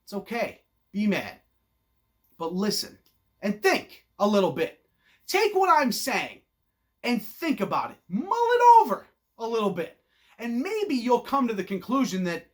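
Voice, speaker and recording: A man hosting an opinion show, ranting in a blunt, loud, profane and sarcastic way, mocking people in put-on voices. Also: high voice, very animated, moderate pace. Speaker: host.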